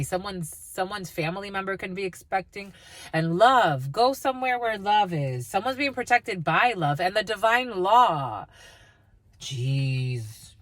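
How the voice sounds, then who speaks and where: A woman's voice: fairly low pitch, no echo. A woman giving a spiritual energy reading in a blunt, foul-mouthed way, laughing now and then. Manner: blunt, swears constantly, laughs at her own reading. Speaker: spiritual reader. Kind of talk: profane channeled energy reading.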